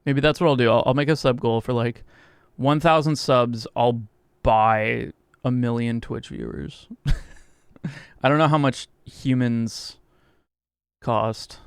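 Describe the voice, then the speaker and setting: A man live-streaming a game, joking crudely with chat, rambling and suddenly shouting or squealing. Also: mid-range voice, takes it slowly, gravelly, pauses often, clear, resonant tone, no room sound, clean studio sound.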